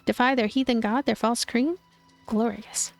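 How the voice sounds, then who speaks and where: A woman voicing a kindly male street priest in a video game, speaking gently and soothingly. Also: a little high, steady tone, normal speed, vocal fry, soft background music. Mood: gentle.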